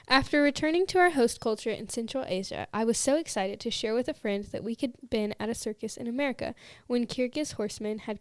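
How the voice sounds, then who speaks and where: A woman co-hosting a podcast, reading listener stories aloud and chatting with a giggly, animated manner. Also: on the high side, no room sound. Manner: giggly, animated when amused. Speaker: podcast co-host.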